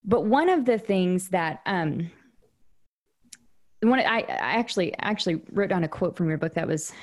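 A woman's voice: fairly low pitch, animated, moderate pace, a little mellow. A woman hosting an interview podcast, talking things through in a casual, reflective way with frequent restarts and fillers. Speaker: podcast host.

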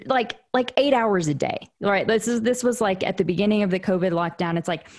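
A woman hosts a casual interview conversation, speaking at a mid-range pitch. She thinks aloud, circling back with restarts and filler words as she works toward her point. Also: brisk, a little mellow. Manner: reflective, frequent restarts and fillers. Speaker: podcast host.

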